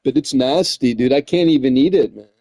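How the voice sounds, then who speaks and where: A man's voice: mid-range voice, fairly quick, mellow, no echo, studio quality. A man chatting casually while streaming, rambling and swearing, often tossing in "man" and "dude". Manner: rambling, profane, says "man" and "dude" a lot. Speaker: gaming streamer.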